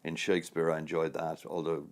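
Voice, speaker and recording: A man's voice: extremely low pitch, level tone, brisk. A man in his sixties, an actor, answering interview questions in a rambling, anecdotal way with frequent chuckles. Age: 60s.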